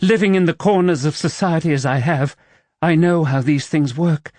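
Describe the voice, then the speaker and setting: A woman's voice: deep voice, moderate pace, darkish tone, dry recording, voice pushed up, close to an everyday voice. A man voicing a proud, wary young widow who works as a paid companion, speaking tensely and defensively in an audiobook.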